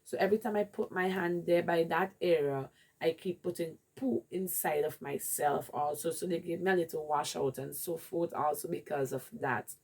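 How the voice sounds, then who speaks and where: A woman's voice: low-pitched, normal speed, vocal fry, darkish tone, breathy edge. A woman with a Jamaican accent candidly telling a rambling personal story in a vlog. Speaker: vlogger.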